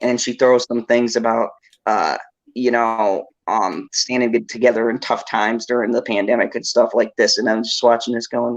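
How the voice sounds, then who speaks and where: A man hosting a casual podcast, ranting excitedly and laughing often. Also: mid-range voice, normal speed.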